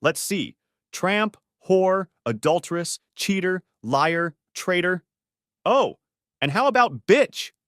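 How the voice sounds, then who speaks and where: A man's voice: sits high, expressive, slow pace, fairly bright tone, dry recording, clean studio sound, pitched above the performer's own voice, exaggerated voice. A man voicing an angry daughter who lashes out with contempt at her mother. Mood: scornful. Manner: scornful, name-calling.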